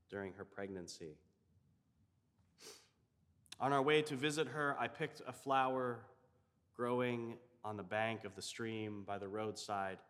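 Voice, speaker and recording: A man, a chaplain, telling a story in a reflective, measured way. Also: on the low side, in a large hall. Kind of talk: storytelling sermon.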